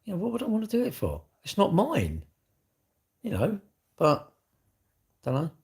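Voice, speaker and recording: A man's voice: high voice, wildly swooping pitch, moderate pace. A man talking in a casual, rambling vlog monologue, full of rhetorical questions. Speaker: vlogger.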